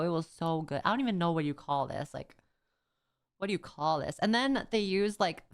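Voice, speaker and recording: Young female streamer, casual rambling chat; low-ish, smooth tone over faint music. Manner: rambling, casual slang, frequent "like". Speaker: VTuber streamer.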